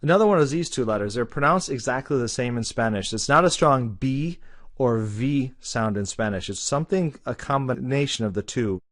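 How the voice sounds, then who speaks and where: A man teaching a lesson, explaining in a relaxed, conversational way. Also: mid-range voice, normal speed. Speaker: Spanish teacher.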